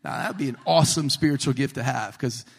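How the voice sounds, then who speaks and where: Man preaching, humorous storytelling sermon, animated, jokey, mid pitch. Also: fast talker, gravelly, breathy edge. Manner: animated, jokey, acts out quotes.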